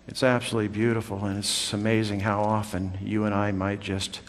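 A man's voice: on the low side, level tone, brisk. Man preaching a dramatic sermon. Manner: dramatic swings from loud calls to hushed whispers. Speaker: pastor. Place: church sanctuary. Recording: long church hall reverb.

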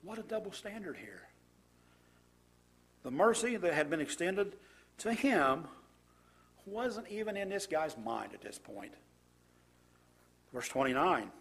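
Husky preacher with a lively voice. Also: male voice, on the high side, slow, pauses often. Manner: reads scripture aloud, then comments with rhetorical questions. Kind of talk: sermon.

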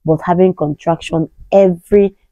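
A Nigerian woman in her thirties with a Nigerian English accent, telling an emotional personal story in an animated way. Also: normal speed, no echo, poor audio. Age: 30s. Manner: animated, acts out quoted pleas in a higher voice. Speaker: vlogger.

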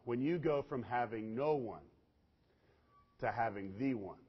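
A man preaching a sermon, telling the story in an animated way with sudden loud bursts and hushed low passages. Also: measured pace, slightly rough. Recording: dull lo-fi recording.

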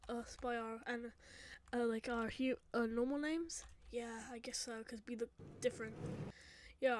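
A woman doing casual voice acting for a game machinima. She is excitable, jumps between shouting and mumbling, and talks haltingly with many restarts. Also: sits high, a little hiss or hum.

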